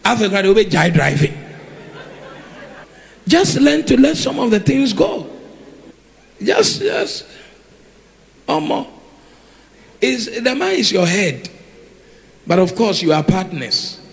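High-voiced preacher, animated. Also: male voice, unhurried, creaky, long pauses, a little hiss or hum. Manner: animated, repeats words for emphasis, calls out to the congregation. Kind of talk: sermon.

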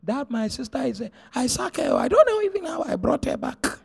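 A middle-aged man, preaching a sermon as pastor, telling stories and swinging from hushed to shouted. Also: very high voice, big pitch swings, brisk, creaky, husky.

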